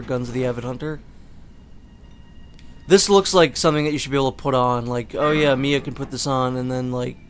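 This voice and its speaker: A man's voice: mid-range voice, slight background noise. Rambling young man narrating gameplay. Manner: chatty, rambling with many fillers. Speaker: gameplay commentator. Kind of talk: casual let's play commentary.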